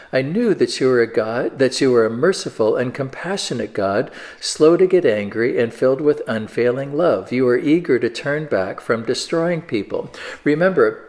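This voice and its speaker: A man's voice: medium pitch, a little mellow. A man giving a conversational sermon, reading scripture aloud and explaining it, with frequent fillers and restarts.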